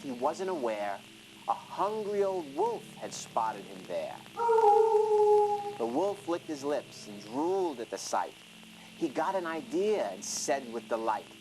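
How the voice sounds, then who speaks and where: A storyteller reading a rhyming children's story in an expressive, sing-song way. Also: mid-range voice, low-quality recording. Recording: music playing under the reading.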